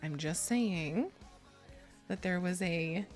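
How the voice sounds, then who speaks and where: A woman's voice: fairly low pitch, slow, soft background music. A woman VTuber chatting casually on a stream, rambling, giggling often and poking fun at herself. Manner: rambling, giggly, self-deprecating.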